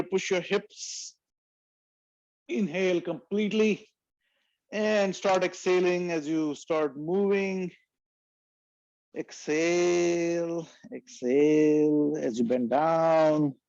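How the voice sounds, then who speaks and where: Slow, calm male yoga instructor. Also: fairly high pitch, no room sound, muffled recording. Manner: calm, slow cueing of breath and poses, chants mantras.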